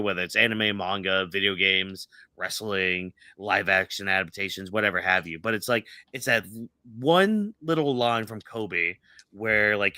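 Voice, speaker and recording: A man's voice: on the low side, pushed and bright, dry recording, clean studio sound. A man co-hosting a casual fan podcast, rambling with lots of fillers and restarts. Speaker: podcast co-host.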